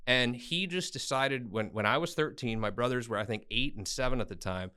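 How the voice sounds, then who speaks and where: A man's voice: mid-range voice, brisk, clear, resonant tone. A man from Tennessee, a guest attorney, telling his story bluntly and with self-deprecating humor in an interview. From Tennessee, USA. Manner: blunt, self-deprecating, animated when quoting people.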